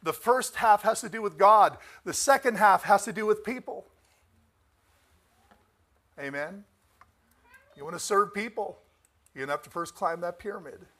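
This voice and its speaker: High-voiced preacher calling out for amens. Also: male voice, moderate pace, long pauses. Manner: emphatic, rising to near shouts on key phrases; asks the congregation for amens. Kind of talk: sermon.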